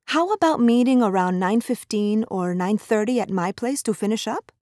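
A woman's voice: medium pitch, animated, normal speed, darkish tone, no echo, clean studio sound. A woman speaking in a scripted lesson dialogue, upbeat and making suggestions.

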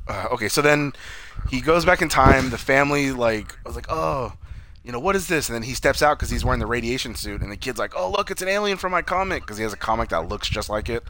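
A man's voice: mid-range voice, fast, pushed and bright, slight background noise. A man co-hosting a casual movie review chat, loosely retelling scenes, swearing often and acting out quotes. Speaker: podcast co-host.

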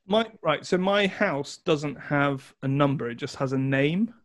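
A man's voice: fairly high pitch, a little slow. A man co-hosting a casual podcast chat, bantering, laughing often and explaining tech matters. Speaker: podcast co-host.

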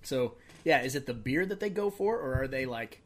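A man's voice: mid-range voice, animated, moderate pace, crowd noise. A man co-hosting a podcast in casual chat, laughing often and swearing freely. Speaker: podcast co-host.

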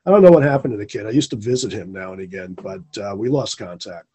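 A man's voice: fairly low pitch, fast talker, hardly any pauses, dark tone, breathy edge. A man, a former teacher, telling a personal story in an earnest, rambling way and repeating phrases for emphasis. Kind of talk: casual storytelling in conversation.

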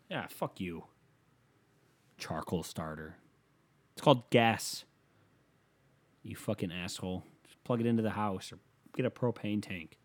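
A man hosting a show rants in a casual, comedic way, swearing freely and sounding exasperated. His voice sits at an ordinary middle pitch, and he punches points with sudden loud bursts. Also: lively intonation, slow, pauses often. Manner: profane, exasperated, loud emphatic outbursts.

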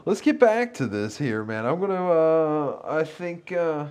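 A man's voice: a little high, animated, measured pace, darkish tone, clean tone. A man co-hosting a casual chat about movies, rambling and amused, laughing often.

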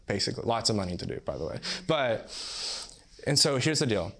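Young guy preaching, super casual, lots of like and you know, mid pitch. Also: animated, normal speed, a bit bright. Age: young adult. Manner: casual, rambling, laughs often, says "like" and "you know". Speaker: pastor. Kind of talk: sermon.

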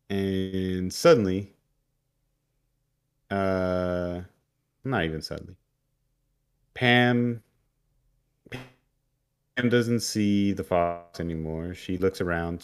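A man co-hosting a podcast, loosely retelling a story's plot with fillers and asides. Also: deep voice. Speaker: podcast co-host. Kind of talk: casual episode recap.

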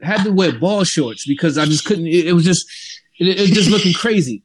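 A man's voice: high-pitched, a little fast, slight background noise. A young man telling a long story in casual talk, acting out the people in it. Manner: animated, acts out the people in his story. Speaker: podcast host telling a story.

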